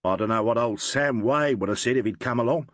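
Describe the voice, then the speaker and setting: A man's voice: medium pitch, a little fast, a bit bright, no echo, close to an everyday voice. A man doing a gushing young Kiwi sergeant. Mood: gossipy. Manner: chatty, gushing, slangy storyteller. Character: eager young New Zealand police sergeant, male.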